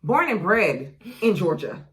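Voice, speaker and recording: A woman in her thirties from New York, talking bluntly and with plenty of profanity in a casual podcast chat. Her voice sits a little low and swings widely in pitch as she tells her stories. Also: a little slow. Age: 30s. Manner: blunt, profane, animated storytelling. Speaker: podcast guest co-host.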